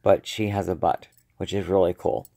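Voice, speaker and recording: A man rambling casually through a show-and-tell video, with a slight lisp and slightly slurred speech, often halting and restarting. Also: low voice, little pitch movement, vocal fry, dark tone. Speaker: vlogger.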